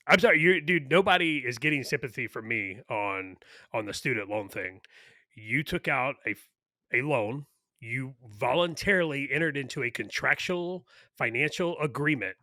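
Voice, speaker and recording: A man's voice: medium pitch, lively intonation, a little slow, long pauses, sharp tone, dry recording, clean studio sound. A man co-hosting a podcast, ranting bluntly and crudely in casual political chat. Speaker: podcast co-host.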